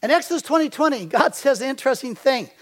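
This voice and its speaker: A man's voice: very high voice, animated, fast talker. An older man preaching a sermon as a pastor. He tells stories and quizzes the congregation with fill-in-the-blank questions.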